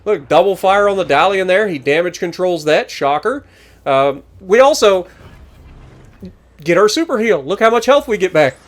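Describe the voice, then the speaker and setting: Animated male gameplay commentator. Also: high voice, normal speed. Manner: animated, joking, teasing opponents. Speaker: gaming channel host.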